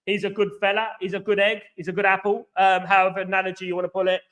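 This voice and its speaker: High-voiced chatty London man. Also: completely flat delivery, quick pace, a bit bright. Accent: London English. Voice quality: chatty, rambling, keeps saying "you know what I mean". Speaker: host. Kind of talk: casual livestream chat.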